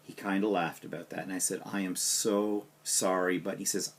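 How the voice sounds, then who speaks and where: A man vlogging to camera, telling a personal story in a casual, animated way and acting out the dialogue. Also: low-pitched, normal speed, creaky, slightly rough. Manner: animated anecdote with quoted dialogue.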